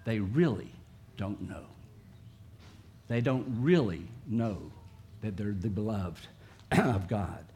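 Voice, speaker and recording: A man's voice: fairly low pitch, lively intonation, takes it slowly, pauses often, dark tone. A man preaching a sermon in a conversational way, sometimes acting out coaxing voices. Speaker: pastor.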